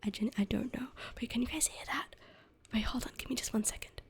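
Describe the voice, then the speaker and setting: Young woman streamer whispering asmr chat, giggly and rambly, bit of vocal fry. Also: on the high side, steady tone, fast. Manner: giggly, rambling, self-deprecating.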